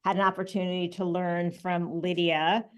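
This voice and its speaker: A woman's voice: on the low side, level tone, normal speed, clear, resonant tone. A woman hosting a webinar over a video call from home, talking casually with fillers and thanking her guests. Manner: friendly, filler-heavy, stops to read questions. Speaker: webinar host. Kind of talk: casual online webinar talk.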